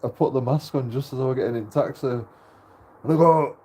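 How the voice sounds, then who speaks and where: Irish lad, casual streamer, dark mellow voice, laughs through every story, swears a lot. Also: male voice, medium pitch, fast talker, slight background noise. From Ireland. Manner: laughs often through his stories, swears freely. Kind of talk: casual livestream chat.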